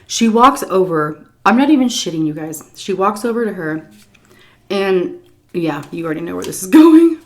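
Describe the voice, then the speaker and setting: A woman's voice: lowish voice, normal speed. Chatty woman telling a story while eating. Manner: chatty and animated, with fillers. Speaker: vlogger.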